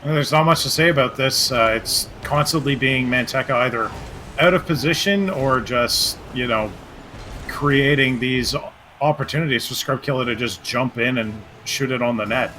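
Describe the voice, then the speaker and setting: A man giving colour commentary on an esports match, calm analysis with dry jokes. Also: medium pitch, normal speed, a little hiss or hum. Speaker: esports co-caster.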